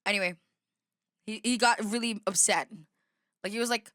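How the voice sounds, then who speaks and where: A woman's voice: medium pitch, steady tone, normal speed, pushed and bright, dry recording, clean studio sound. A Filipino woman streamer chatting casually while reacting to a video, rambling with lots of fillers and restarts. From Philippines.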